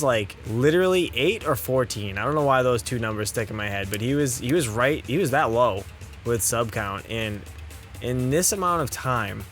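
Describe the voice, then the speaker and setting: A man's voice: medium pitch, a bit bright. A man co-hosting a live stream, talking in a loose, rambling and enthusiastic way. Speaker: co-host. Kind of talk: casual live stream chat.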